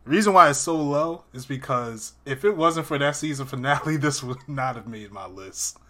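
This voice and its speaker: A man hosting a casual podcast, talking slowly and laughing often. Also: medium pitch, expressive, a bit bright, a little hiss or hum. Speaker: podcast host. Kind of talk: casual chat.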